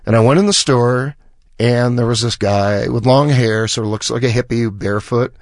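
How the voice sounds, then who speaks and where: A man's voice: medium pitch, normal speed, dry recording. Man telling a story in a dry studio. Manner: animated storyteller who acts out quoted dialogue. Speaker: musician guest. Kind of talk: storytelling in a radio interview.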